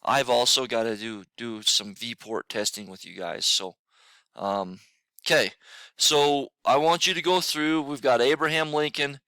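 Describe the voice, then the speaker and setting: A man teaches a recorded middle school lesson, loose and repetitive, full of fillers. He sounds sleepy and admits he is not a morning person. His voice is bright and smooth, close and dry. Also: mid-range voice, measured pace, no room sound. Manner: casual, repeats himself, many fillers. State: tired, yawning.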